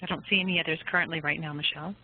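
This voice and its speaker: A woman's voice: deep voice, fairly even intonation, racing, slight background noise. A woman moderating a webinar, politely relaying audience questions to the presenter. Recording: tinny phone-like webinar audio.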